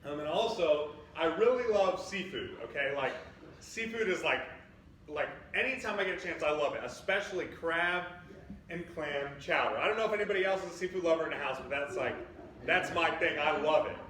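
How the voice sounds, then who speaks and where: A young male preacher tells a story in a loose, conversational sermon, tossing in plenty of "like" fillers. His voice sits a touch high for a man. It rings through a very echoey church sanctuary and is picked up from some distance, with a faint hiss underneath. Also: expressive, brisk, a bit bright. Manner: chatty, upbeat, full of "like" fillers.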